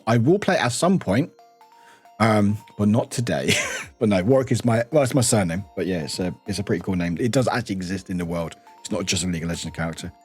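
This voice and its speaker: A man from the UK, streaming and chatting casually, reading chat aloud, lively and swearing freely. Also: mid-range voice, slightly rough. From United Kingdom.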